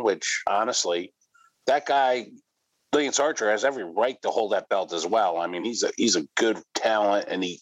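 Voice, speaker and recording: A man's voice: fairly low pitch, no echo, poor audio. A man co-hosting a casual wrestling review podcast, rambling with lots of fillers and jokes. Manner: rambling, filler-heavy, jokey. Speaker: podcast co-host.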